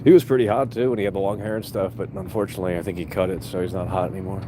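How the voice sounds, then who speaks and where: Young guy streaming from his car, lowish voice, swears a lot, rambly and sarcastic, faint traffic hum behind. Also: fairly even intonation, very fast. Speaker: livestream host. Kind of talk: casual livestream chat reading viewer comments.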